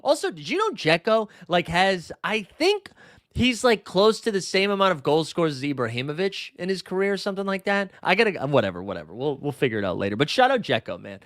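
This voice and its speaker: Lively rambling male stream host. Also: high voice, brisk, no echo, studio quality. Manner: rambling, profane, goes off on tangents. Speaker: fantasy sports show host. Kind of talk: casual livestream chat.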